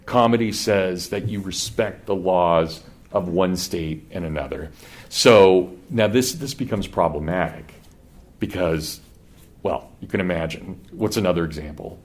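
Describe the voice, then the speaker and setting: A man's voice: deep voice, a little slow. A middle-aged man with a Kansas accent giving a conversational classroom lecture and putting questions to his students. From Kansas, USA.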